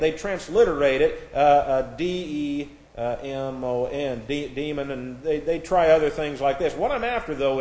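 Man, Bible class teacher, slightly high voice, spells words out, echoey room. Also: darkish tone. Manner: spells out words letter by letter, many restarts. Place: church classroom.

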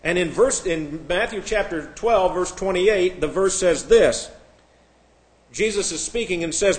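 Man, Bible class teacher, slightly high voice, spells words out, echoey room. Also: lively intonation, a little slow. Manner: spells out words letter by letter, many restarts. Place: church classroom.

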